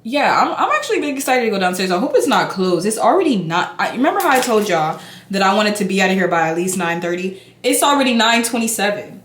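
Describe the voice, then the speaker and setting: A young woman talks animatedly as she gets ready in front of the camera. Her voice sits at an ordinary pitch, and the room around her gives it a clear echo. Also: quick pace, slight background noise. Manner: chatty and animated, talking while doing makeup. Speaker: beauty vlogger. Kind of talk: casual get-ready-with-me chat. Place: indoor room, hotel. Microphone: camera mic. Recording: echoey room.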